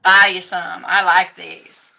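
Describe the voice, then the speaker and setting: A woman's voice: on the low side, little pitch movement, slow, creaky, bright, forceful tone, slight background noise, poor audio. A woman teaching a casual painting lesson at a craft table, chatty and encouraging as she explains each step. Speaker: craft instructor.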